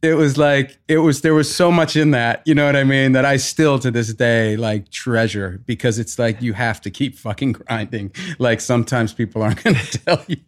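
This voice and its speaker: A middle-aged man as a podcast guest, telling stories in an animated way, swearing casually, with frequent restarts. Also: mid-range voice, moderate pace, few pauses, no room sound. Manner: animated storyteller, swears, acts out quotes.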